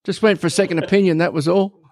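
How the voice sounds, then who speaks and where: A man's voice: high voice, steady tone, quick pace, a little mellow. A man with an Australian accent co-hosting a podcast, throwing in blokey jokes. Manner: blokey, joking interjections. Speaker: podcast co-host. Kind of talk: casual chat.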